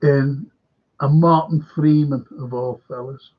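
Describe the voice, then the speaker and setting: Man hosting a live stream, husky and fairly high-pitched, casual and rambling, dull lo-fi stream audio. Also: steady tone, takes it slowly. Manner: meandering, often drops to a near-whisper. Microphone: webcam or desk mic on a live stream.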